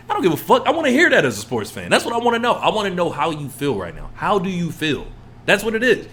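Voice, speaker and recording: A young man co-hosting a podcast, ranting in a heated, profane, casual way and mimicking other people in low mumbled asides. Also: wildly swooping pitch, fast, fairly bright tone, a little hiss or hum. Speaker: podcast co-host.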